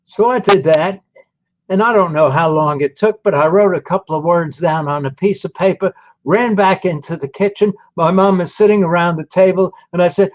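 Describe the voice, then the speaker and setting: A man in his nineties, a veteran telling his life story to an audience in a slow, deliberate, folksy way. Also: high voice, muffled recording. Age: 90s.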